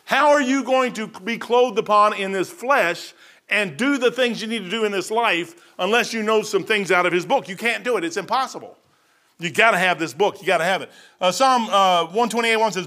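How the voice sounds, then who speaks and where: High, bright-voiced preaching man. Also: moderate pace. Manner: storytelling preacher, swings from hushed asides to excited outbursts. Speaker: pastor. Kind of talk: sermon.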